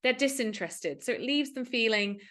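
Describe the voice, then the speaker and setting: A woman's voice: on the high side, animated, fairly quick, a bit bright. A woman, a digital wellbeing coach, explaining in an earnest, conversational way and acting out quoted speech. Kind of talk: talking-to-camera explainer.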